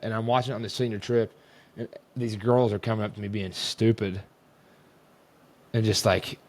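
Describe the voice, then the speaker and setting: Exasperated young man ranting, low voice. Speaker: host. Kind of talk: casual sports rant.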